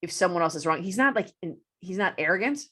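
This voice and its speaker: Chatty woman with a lower voice. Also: animated, fast, a bit bright. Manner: chatty, laughs often, enthusiastic. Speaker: podcast co-host. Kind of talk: casual chat about TV characters.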